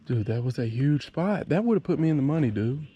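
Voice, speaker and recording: A man, vlogging while fishing from a kayak and talking excitedly and frustratedly to himself. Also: mid-range voice, brisk, muffled recording. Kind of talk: casual vlog talk to camera. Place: outdoors on a kayak on a lake. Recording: noisy outdoor camera audio.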